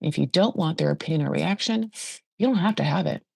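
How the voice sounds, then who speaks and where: A woman hosting a podcast, recapping a reality show in a chatty, gossipy way with animated asides. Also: sits low, brisk, gravelly, breathy edge, no echo. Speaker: podcast host. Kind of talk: casual pop-culture recap.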